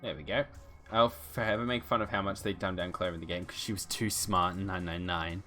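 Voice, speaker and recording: A man's voice: deep voice, fairly even intonation, brisk, pushed and bright, soft background music. A man streaming a video game, joking and swearing in casual commentary.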